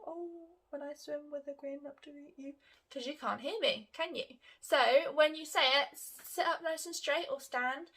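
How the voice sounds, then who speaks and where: A woman's voice: sits high, sharp tone. A woman teaching a recorded lesson to young children, upbeat and encouraging, in simple words. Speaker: primary school teacher.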